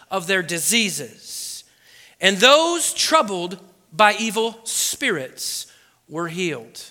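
A man's voice: high voice, pushed and bright. A man preaching a sermon as pastor in a church, building with emphatic repetition. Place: church sanctuary. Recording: echoey hall with long reverb.

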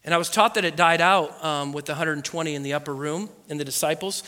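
A man preaching a personal testimony, telling the story with animated energy and acting out what people said. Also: fairly high pitch, fast, long reverb tail. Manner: animated storytelling, acts out quotes. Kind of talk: sermon testimony.

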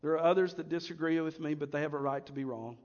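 High-voiced male preacher in a reverberant hall. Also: fast, muffled recording. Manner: expressive preaching, swinging between loud emphasis and hushed asides. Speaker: pastor. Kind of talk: sermon.

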